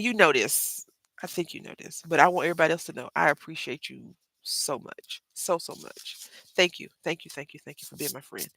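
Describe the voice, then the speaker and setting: A craft livestream host with a Southern Texas accent leads a casual live tutorial, chatty and rambling, often calling viewers y'all. Her voice is deep and creaky with a fairly bright tone, in a dry recording.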